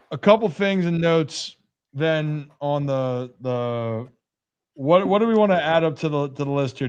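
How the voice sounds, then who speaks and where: A man's voice: fairly high pitch, clear, resonant tone, muffled recording. A young man hosting a sports talk show, joking and rambling in casual chat. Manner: joking, rambling, puts on voices. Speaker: host.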